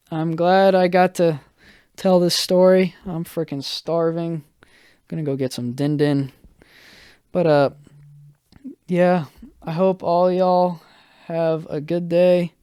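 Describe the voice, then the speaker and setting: A young man hosts his podcast alone and recounts a rough few days at an unhurried pace. His voice is smooth and clear, recorded dry and close to the mic. He stumbles through fillers and restarts and pokes fun at himself. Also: a little high, a little mellow, no echo. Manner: halting, filler-heavy, self-deprecating. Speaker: podcast host. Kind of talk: casual solo storytelling.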